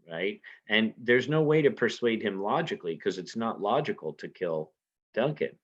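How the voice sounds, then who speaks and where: A man's voice: fairly low pitch, big pitch swings, unhurried, a bit bright. A man teaching literature in a conversational lecture, often asking rhetorical questions and adding "right?" as he explains. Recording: dull lo-fi recording.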